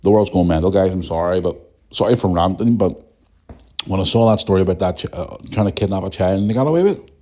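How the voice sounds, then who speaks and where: A man's voice: low-pitched, fast, dark tone. Sweary Northern Irish man ranting. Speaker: podcast host. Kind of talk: casual ranting monologue.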